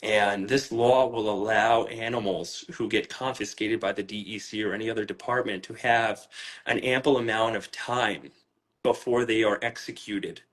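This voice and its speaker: A man's voice: fairly low pitch, fairly even intonation, normal speed, a bit bright. Upset New man, voice near tears. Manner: upset, repeats words, restarts sentences, swears. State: close to tears. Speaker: pet owner interviewed about a raid. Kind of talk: emotional on-camera interview.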